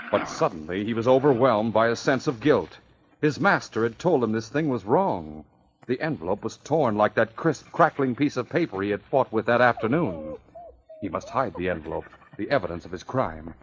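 A man narrating a 1950s radio adventure in a measured storytelling voice. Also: mid-range voice. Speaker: narrator and announcer. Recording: muffled old radio recording.

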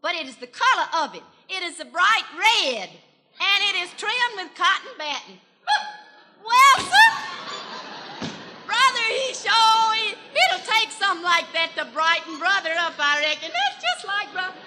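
A very high, bright-edged country gal with a rural Southern accent , put on by a woman comedian, gushing breathlessly through folksy small-town gossip. Her voice swoops up and down, and it rings out in a long hall reverb on an old 1940s radio broadcast. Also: very animated, measured pace, heavily acted. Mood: gossipy. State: has a cold.

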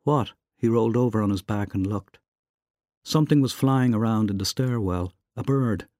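A man giving a measured reading of a literary short story. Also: lowish voice, darkish tone, no echo, studio quality. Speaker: reader.

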